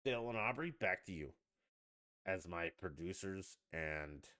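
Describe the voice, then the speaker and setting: A man hosting a podcast livestream, ranting casually with lots of swearing and sudden loud outbursts. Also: low voice, slow pace. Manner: profane, ranting, animated outbursts. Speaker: podcast host.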